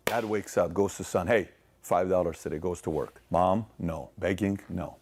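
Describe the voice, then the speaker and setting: A man giving a motivational speech, telling a story and acting out its dialogue, swinging from loud to soft. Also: low-pitched, animated, normal speed, a little hiss or hum. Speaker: speaker in a played clip.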